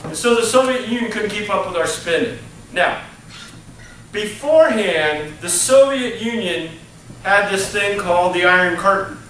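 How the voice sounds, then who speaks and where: A male college lecturer with a high, somewhat bright voice gives a conversational class lecture, punctuating his points with "okay?" and "right?". He's captured on a distant mic in an echoey lecture room, with slight background noise.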